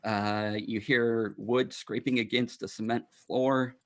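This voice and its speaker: A man narrating as dungeon master of a tabletop game, in a loose, halting way with many fillers. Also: medium pitch, steady tone.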